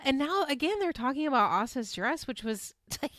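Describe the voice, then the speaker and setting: A woman's voice: on the high side, normal speed, hardly any pauses, dry recording, clean studio sound. A woman past her twenties hosting a casual, chatty recap. She speaks frankly, swears freely and laughs often between fillers. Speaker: podcast host recapping a reality show.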